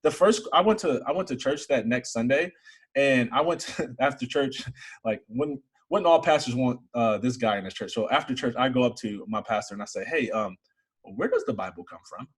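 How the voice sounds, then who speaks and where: A young man from Michigan, an interview guest, telling a personal faith story in earnest, building to excited emphasis. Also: medium pitch, normal speed, breathy edge.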